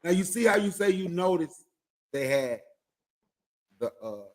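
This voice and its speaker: A man's voice: sits high, very animated, unhurried. A man speaking emphatically in a casual group chat, insisting on his point and repeating himself. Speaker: discussion participant.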